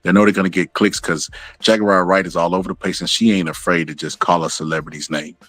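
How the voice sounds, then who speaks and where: A man's voice: sits low, fairly even intonation, fast talker, fairly bright tone, dry recording. A man hosting a casual commentary, rambling and swearing as he talks through stories and acts out what others said. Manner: rambling and profane, acts out quotes. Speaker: commentary channel host.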